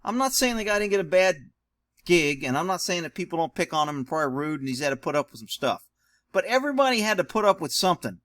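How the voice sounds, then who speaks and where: A man's voice: sits high, sing-song, fast, a bit bright, dry recording. Dry-sounding guy with sarcastic opinionated commentary. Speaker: commentator host. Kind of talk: video commentary.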